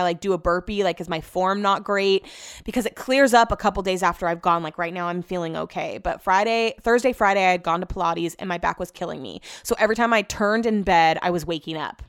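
A woman's voice: mid-range voice, clean tone, no room sound, clean studio sound. A young woman casually telling a rambling story from her home office, full of likes and restarts. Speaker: vlogger.

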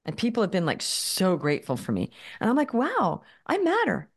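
A woman in her fifties or older, a guest coach in a podcast interview, telling stories with animated quoted dialogue and quick restarts. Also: on the low side. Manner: quick talker who repeats and restarts words.

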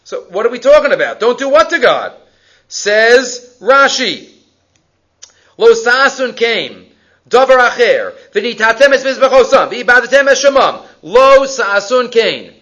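Bright, animated man teaching a Torah class. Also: extremely high pitch, measured pace, highs cut off. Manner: animated, emphatic, mixes Hebrew and English. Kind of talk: Torah class on the weekly portion.

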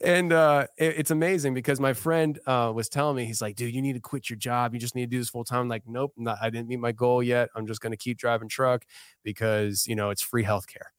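A man's voice: mid-range voice, fairly even intonation, fairly quick, smooth, no echo, studio quality. A man in his thirties, a podcast guest, telling a personal story in a casual, earnest way, often restarting his sentences. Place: podcast studio.

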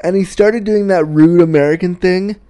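Canadian man hosting a podcast, crude self-mocking storyteller, smooth warm tone. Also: sits high, moderate pace. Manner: profane, self-mocking, laughs at own jokes. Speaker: podcast host. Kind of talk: candid storytelling monologue.

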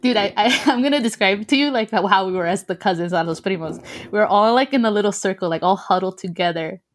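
A woman's voice: medium pitch, fast talker. Young woman telling a story. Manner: mixes English and Spanish, swears freely, laughs often. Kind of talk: casual chat.

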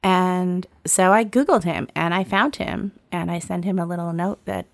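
A woman in her forties with a fairly low, creaky voice talks at normal speed on a dry recording. She's a lively storyteller sharing a personal story in casual conversation, acting out the dialogue and laughing often.

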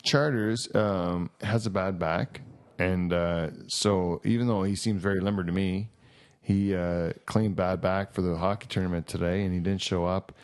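A man's voice: low voice, fairly even intonation, normal speed, darkish tone. A young man co-hosting a podcast in casual chat, rambling and swearing freely, a bit tipsy after a long night of drinking. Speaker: podcast co-host.

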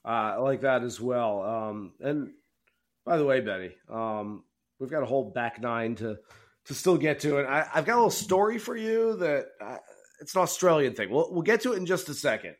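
A man hosting a golf betting podcast, chatting casually and telling stories with animated jokes. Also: medium pitch, normal speed. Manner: animated, jokey storytelling. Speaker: podcast host.

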